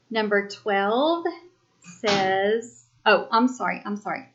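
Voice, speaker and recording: A woman teaching a sign language class, calling out quiz items slowly and deliberately, then explaining each sentence. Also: medium pitch. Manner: slow, deliberate, spells out each item. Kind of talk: slow classroom quiz dictation. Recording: dull lo-fi recording.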